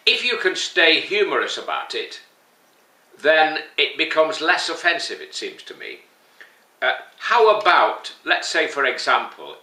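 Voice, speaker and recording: A man speaking slowly and haltingly in an earnest, gently humorous tone as he gives his opinion to the camera. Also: medium pitch, recorded from a distance. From England. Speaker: vlogger. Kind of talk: spoken opinion piece. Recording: echoey room, voice from off-mic.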